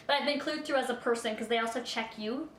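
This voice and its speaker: Woman vlogger, high voice, chatty and animated storyteller, echoey room sound. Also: fast talker, a little hiss or hum. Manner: chatty, rambling, full of "like" fillers; animated, acts out her own reactions. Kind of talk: storytime vlog.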